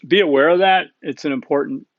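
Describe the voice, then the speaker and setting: A male instructor talks through course rules in a loose, offhand lecture. His voice sits a little high, and he often stops to check in with the class. The recording is dull and muffled, with no room echo. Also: brisk. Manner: casual and blunt, with many asides and okays. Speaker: college instructor.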